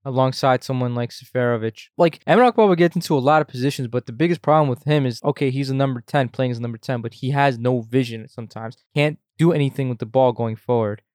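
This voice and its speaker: A man's voice: medium pitch, quick pace, few pauses, a little mellow, no room sound, studio quality. A man hosting a casual football podcast, rambling and opinionated with frequent restarts. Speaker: podcast host.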